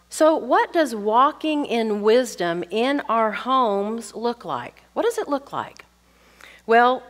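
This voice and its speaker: A middle-aged woman with a voice on the high side delivers a sermon to women. She is earnest and explanatory, often checking in with her listeners through rhetorical questions.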